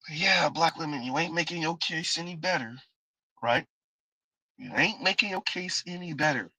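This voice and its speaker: A man's voice: fairly high pitch, normal speed, pushed and bright, breathy edge, dry recording, rough recording. A man giving sarcastic, preachy livestream commentary, reading super chats and often tossing in "Huh?" and "Right?". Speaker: commentary streamer. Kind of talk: livestream commentary reacting to clips.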